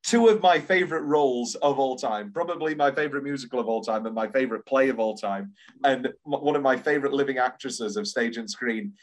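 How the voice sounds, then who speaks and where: Gushing animated man on a podcast. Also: medium pitch, fairly quick. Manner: animated, gushing, many restarts. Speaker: podcast co-host. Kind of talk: casual enthusiastic chat.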